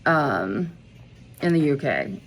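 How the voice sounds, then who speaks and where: A woman's voice: low voice, very animated, slow pace, gravelly. A woman talking in a casual music-commentary vlog, blunt and profane, rambling with asides and self-corrections. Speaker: music vlogger.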